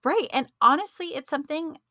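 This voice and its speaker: A middle-aged woman co-hosting a podcast, an animated storyteller who laughs often in casual chat. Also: high-pitched, fairly quick, dry recording, clean studio sound. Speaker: podcast co-host.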